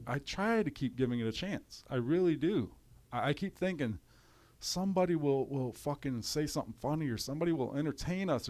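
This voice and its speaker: At home in the cold, a livestream commentator with a runny nose rants profanely and in exasperation. His voice is mid-range and a little mellow.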